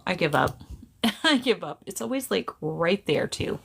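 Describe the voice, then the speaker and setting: A woman's voice: on the low side, expressive, unhurried, vocal fry, husky. Woman, middle-aged, live stream host, casual chatter, phone mic, playful greetings. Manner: chatty, silly, greets viewers repeatedly.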